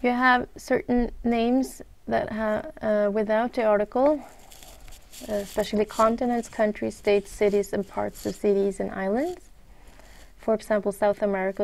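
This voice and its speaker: A woman with a Swedish accent teaches English grammar in a recorded lesson, speaking at a mid pitch. She moves through long lists of examples one at a time. She often fills her pauses with "uh" as she explains each rule. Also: creaky, darkish tone. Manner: measured, lists examples one by one, frequent "uh" fillers.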